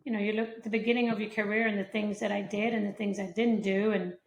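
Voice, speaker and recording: A woman's voice: mid-range voice, level tone, quick pace. A woman from Sweden, answering interview questions modestly and with hesitant fillers. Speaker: guest, professional golfer. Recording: echoey room.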